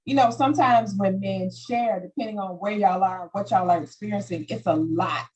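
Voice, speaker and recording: A woman hosting a panel talk, telling stories in an animated way and acting out quoted voices. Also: mid-range voice, breathy edge, highs cut off. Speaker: host. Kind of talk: panel discussion.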